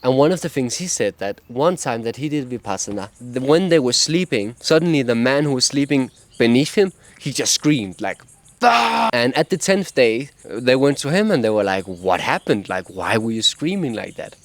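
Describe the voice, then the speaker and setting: A man's voice: mid-range voice, expressive, moderate pace, hardly any pauses, no echo. A man with a cadence, talking earnestly and openly about his own experience in a personal vlog. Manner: earnest, open, laughs now and then. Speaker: vlogger sharing meditation advice. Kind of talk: casual personal talk to camera.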